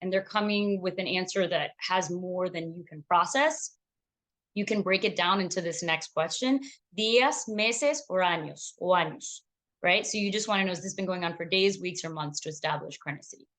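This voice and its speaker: Woman physician teaching with slides, lowish voice. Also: normal speed, fairly bright tone. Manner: clear, explanatory, mixes English with Spanish phrases. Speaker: physician teaching medical Spanish. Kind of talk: lecture with slides.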